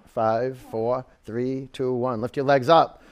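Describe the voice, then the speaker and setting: A man's voice: mid-range voice, fairly even intonation, takes it slowly, smooth. A man in his forties teaching a live yoga class, giving cues and counts with chatty, joking asides. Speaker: yoga instructor.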